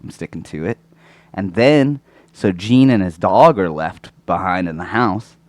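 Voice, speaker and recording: A man's voice: deep voice, animated, measured pace, no room sound. A man co-hosting a podcast, talking in a crude, rambling way with lots of swearing, his throat sore and coughing, close to the microphone. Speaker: podcast co-host. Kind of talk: casual chat.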